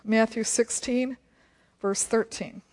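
A woman's voice: a little high, fairly even intonation, takes it slowly, a little mellow. A woman leading a Bible study, reading scripture aloud and chatting about it, laughing often.

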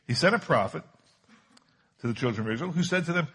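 A man preaching a sermon with a husky, slightly breathy voice. He is emphatic and drives his points home by repeating key phrases. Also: fairly high pitch, animated, quick pace, long pauses, a bit bright. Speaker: pastor.

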